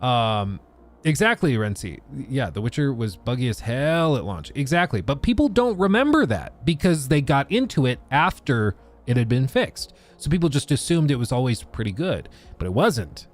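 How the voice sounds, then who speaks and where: A man's voice: medium pitch, normal speed. A man hosting a casual livestream, ranting about games and answering chat. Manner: ranting, animated, reads chat aloud. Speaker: livestream host. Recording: faint music behind.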